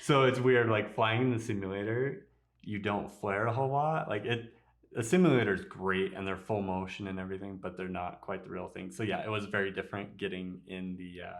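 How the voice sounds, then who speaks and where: A man, an airline pilot hosting a podcast, telling stories in a relaxed, casual way with easy laughs. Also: fairly low pitch, brisk. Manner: relaxed, laughs easily, filler-heavy. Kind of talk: casual conversational storytelling.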